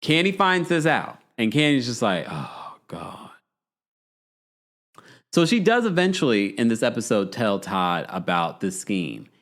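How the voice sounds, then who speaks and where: A male podcast host gives a casual reality show recap. His voice is mid-pitched and swoops lively and animated, with frequent gossipy laughter. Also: moderate pace, hardly any pauses.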